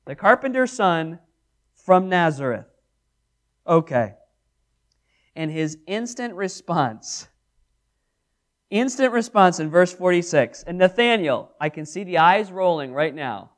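A man's voice: sits high, takes it slowly, pauses often. A man preaching a Bible study sermon, reading verses aloud and acting out the dialogue in them. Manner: animated, acts out scripture dialogue.

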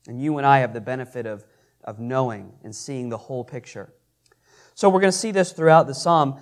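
A man's voice: mid-range voice, a little fast. A man teaching scripture as a pastor, asking the audience questions and reading verses aloud with earnest emphasis. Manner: earnest, repeats and restarts, reads scripture aloud with rising emphasis. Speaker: pastor teaching a Bible class. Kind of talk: interactive sermon with questions to the audience.

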